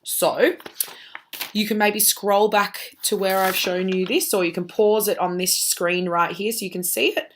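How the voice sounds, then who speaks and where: A woman's voice: mid-range voice, fairly even intonation, unhurried, slight background noise. A woman teacher giving a recorded lesson, walking students through a task patiently and checking in with "okay?" after each step.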